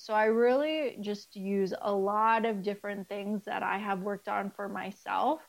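A woman's voice: mid-range voice, vocal fry, poor audio. A middle-aged woman, a spiritual life coach, talking casually as a podcast guest and acting out remembered conversations. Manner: animated storytelling, acts out quoted dialogue; candid, swears casually and laughs.

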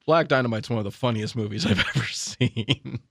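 A man co-hosting a podcast in an easygoing, agreeable way, quick to laugh. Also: medium pitch, creaky, no echo, clean studio sound. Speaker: co-host. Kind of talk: casual chat.

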